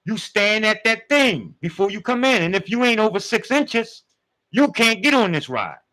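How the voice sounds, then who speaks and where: Lively bright-voiced man preaching casually. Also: high voice, normal speed, low-quality recording. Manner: street slang, conversational, addresses listeners directly. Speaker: spiritual teacher. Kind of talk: casual spiritual talk.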